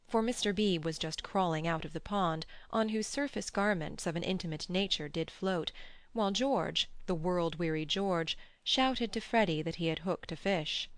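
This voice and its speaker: A woman reading a classic novel as an audiobook narrator, voicing the characters with raised pitch and bursts of excitement. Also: normal speed, no room sound.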